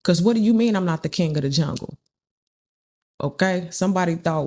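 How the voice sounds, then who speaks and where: Here a woman with a lowish, slightly mellow voice speaks at normal speed and sounds animated. She's giving a laid-back spiritual tarot reading, looping back on phrases and playing the parts of the people she quotes.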